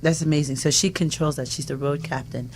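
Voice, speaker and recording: A woman hosting a casual talk show, enthusiastic and quick to laugh with her guests. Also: low voice, fairly even intonation, slight background noise. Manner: warm, enthusiastic, laughs often. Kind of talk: casual chat.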